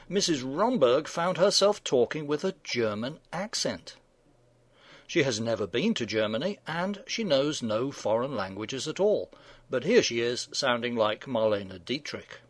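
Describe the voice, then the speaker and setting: A man's voice: medium pitch, no echo. A middle-aged man hosting a scripted radio news commentary, delivering it with dry, sardonic irony.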